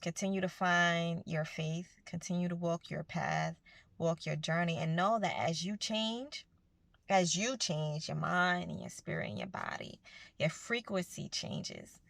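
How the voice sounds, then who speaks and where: A woman's voice: on the low side, unhurried, gravelly, a bit bright, no room sound. A woman giving a casual, earnest motivational talk to her viewers, speaking conversationally about spiritual growth. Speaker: self-help vlogger.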